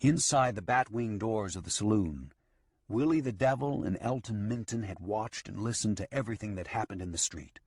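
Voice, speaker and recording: A man reading a western audiobook in a steady storytelling manner. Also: lowish voice, moderate pace, breathy edge, no room sound, studio quality. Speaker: audiobook narrator. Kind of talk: scripted western narration.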